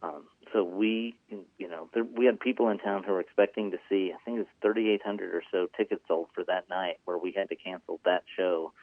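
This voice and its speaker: A man's voice: low-pitched, steady tone, a little fast, no room sound. A man being interviewed as an executive producer, talking earnestly and rambling with lots of ums. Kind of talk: casual interview talk. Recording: tinny phone-like line.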